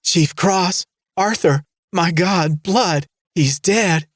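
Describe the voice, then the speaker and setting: A man's voice: high-pitched, drawn-out words, no room sound, studio quality, voice pushed up, exaggerated voice. A man voicing a hysterical, terrified woman camp cook who shrieks in panic. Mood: panicked shrieking.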